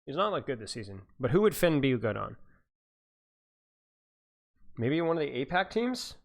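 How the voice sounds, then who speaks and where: A man streaming and chatting loosely with his viewers, his pitch swinging up and down a lot. He rambles, repeats phrases and laughs between thoughts. He talks in a casual, offhand coaching-stream way. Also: big pitch swings, moderate pace, vocal fry. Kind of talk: casual livestream chat.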